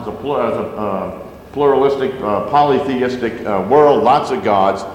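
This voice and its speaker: A man's voice: medium pitch, normal speed, a little hiss or hum. Man preaching in a reverberant sanctuary. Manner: conversational, asides and fillers. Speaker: pastor. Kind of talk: sermon. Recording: roomy sanctuary with long reverb.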